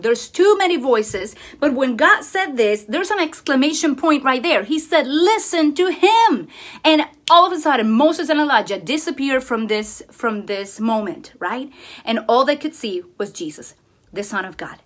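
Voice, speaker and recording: A woman vlogging a casual craft tutorial that turns into devotional talk, speaking with enthusiastic, expressive exclamations. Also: high-pitched, moderate pace.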